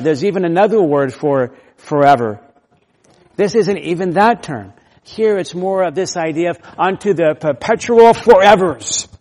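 Male preacher, slightly high voice, emphatic Bible teaching, long hall echo. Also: darkish tone. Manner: emphatic, leans hard on key words. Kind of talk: expository sermon.

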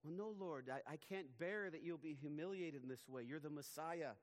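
A preacher doing a pleading, protesting disciple. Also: male voice, on the high side, moderate pace, voice pushed up, natural voice. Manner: pleading and emphatic. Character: anxious devoted male disciple protesting to his teacher. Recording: long hall reverb.

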